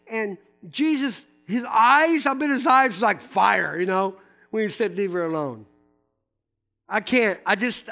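A male pastor preaching a sermon to a live congregation, animated and emphatic, with casual asides to his listeners. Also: very high voice.

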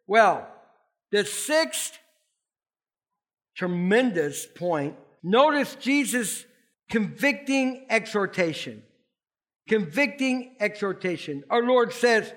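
High-pitched guy preaching, emphatic, gets the church to say lines back. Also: slow pace. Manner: expressive, emphatic preaching with rising bursts; leads the congregation in call-and-response. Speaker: pastor. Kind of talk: sermon.

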